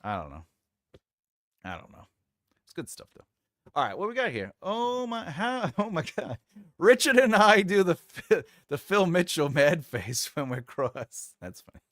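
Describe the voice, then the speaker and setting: Slow, animated man chatting on a livestream. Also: high-pitched, dry recording, clean studio sound. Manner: rambling, trails off searching for names, laughs often. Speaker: writing livestream host. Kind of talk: casual livestream chat reading comments.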